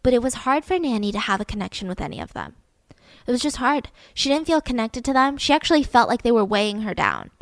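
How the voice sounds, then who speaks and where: A woman hosting a podcast, telling a true-crime story in a casual, animated way with lots of "like". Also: on the high side, fast talker, no echo. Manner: chatty, animated, peppered with "like". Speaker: podcast host.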